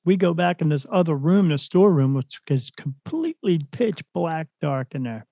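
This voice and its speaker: A man in a casual podcast chat spins a long story with animated energy, slipping into the lines of the people in it. His voice sits a little high for a man but has a mellow, soft tone. The recording is close and dry. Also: normal speed, vocal fry, dry recording. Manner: animated retelling, acts out quoted voices. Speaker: podcast guest, spirit medium.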